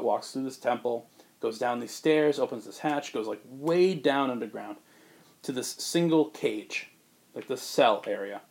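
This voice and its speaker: A man hosting a casual chat, telling a film pitch with lively character voices and frequent laughs. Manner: animated storyteller, does character voices, laughs often. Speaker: podcast host pitching a film. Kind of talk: casual chat, acting out scenes.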